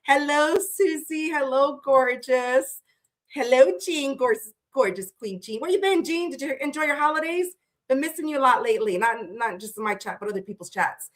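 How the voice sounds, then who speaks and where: Tired woman doing a tarot live stream, kinda high voice, chatty and playful, says hi to everyone in chat, swears casually. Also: moderate pace. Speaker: tarot livestream host. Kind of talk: casual livestream chat greeting viewers.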